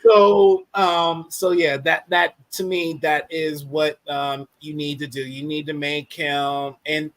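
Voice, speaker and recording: A man chatting loosely as a guest on a football podcast, cracking jokes between his points. His voice sits a little high and sounds dry and close, with little room around it. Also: level tone, takes it slowly, hardly any pauses, fairly bright tone, no echo. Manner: joking, loose, playful. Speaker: guest analyst. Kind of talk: casual sports podcast chat.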